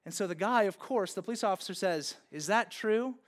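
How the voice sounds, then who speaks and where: High-voiced casual male pastor. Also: animated, fairly quick. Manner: casual storytelling, lots of fillers like "like" and "okay". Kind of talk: sermon with personal story.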